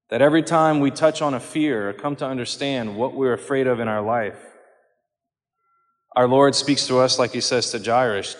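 A man giving a homily on scripture in a measured, earnest way, slowing down whenever he quotes. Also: mid-range voice. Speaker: priest. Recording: long hall reverb.

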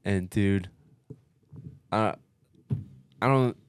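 A man telling a race story in casual chat, profane and animated, with lots of fillers and restarts. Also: on the low side, drawn-out words, slight background noise.

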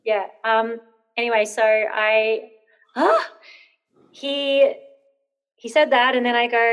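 A woman's voice: on the high side, little pitch movement, slow, long pauses, a bit bright. Hesitant woman telling a personal story. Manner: hesitant, many ums, rambling when nervous. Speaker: interview guest.

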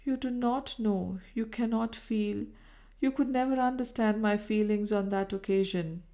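A woman's voice: mid-range voice, measured pace, warm tone, close to an everyday voice. Woman reading a reproachful, troubled Victorian lady in a period audiobook. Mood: pained. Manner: cold, reproachful.

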